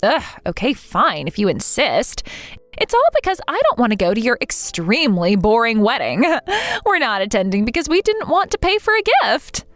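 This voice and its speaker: A woman's voice: fairly high pitch, huge pitch swings, normal speed, fairly bright tone. A woman voicing a spiteful younger sister in a text-message story, talking down to others in a sneering, condescending way. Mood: mocking. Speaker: wedding guest refusing to attend.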